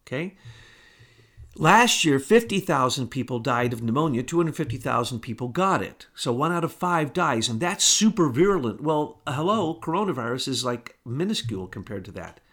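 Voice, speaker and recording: A man's voice: mid-range voice, very animated, moderate pace, a bit bright. A man hosting a talk show, delivering an emphatic, indignant monologue full of rhetorical questions.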